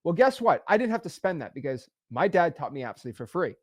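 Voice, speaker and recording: A man in his twenties, a real estate wholesaling educator, talking emphatically and repeating himself as he pitches directly to the camera. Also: sing-song. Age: 20s. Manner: emphatic, repetitive, fast-talking, self-assured.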